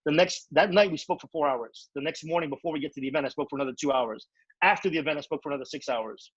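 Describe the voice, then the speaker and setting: Middle-aged male trainer, husky and dry, candid animated storyteller. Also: fairly high pitch, rapid-fire, dry recording, dull audio. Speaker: network marketing trainer. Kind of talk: motivational story talk.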